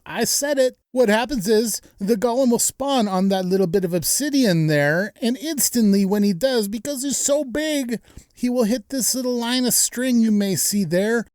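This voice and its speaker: Steady explaining voice-over, dry sound. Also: mid-range voice, no echo. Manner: explanatory, walks through builds step by step. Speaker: Minecraft video creator. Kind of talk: narrated gameplay tour.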